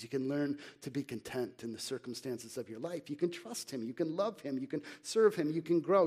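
Preaching as pastor, a middle-aged man speaks with a fairly high pitch and a darkish tone, sounding earnest yet conversational. He poses rhetorical questions and reads scripture with slow, deliberate emphasis.

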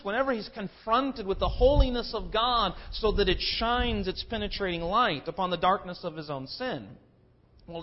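A man preaches a sermon in a high, ringing voice. He drives his points home with emphatic, dramatic delivery. The recording sounds dull and lo-fi. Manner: emphatic and dramatic, acting out quotes.

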